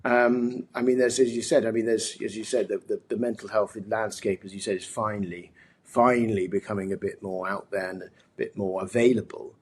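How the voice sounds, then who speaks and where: A husky, low-voiced man with a posh English accent speaks as a podcast guest. He talks earnestly and reflectively, circling back and restarting his thoughts as he goes. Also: steady tone, brisk. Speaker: podcast guest, mental health advocate. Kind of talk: reflective conversational interview.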